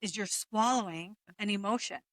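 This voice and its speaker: A woman's voice: medium pitch, normal speed, dry recording. A woman energy healer talking frankly in a casual podcast chat, explaining with the odd swear word.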